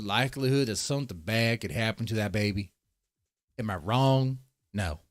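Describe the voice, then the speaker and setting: A man's voice: fairly low pitch, moderate pace, no echo, studio quality. A man hosting a livestream, rambling in casual, profane commentary and talking straight to his chat. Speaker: livestream host.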